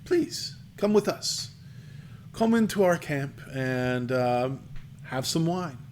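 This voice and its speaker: A showy, welcoming Vistani man voiced by a game master, boisterous and loud, pitched above his usual voice, with faint noise behind. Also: expressive, slow. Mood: hospitable. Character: flamboyant cheerful male Vistani host.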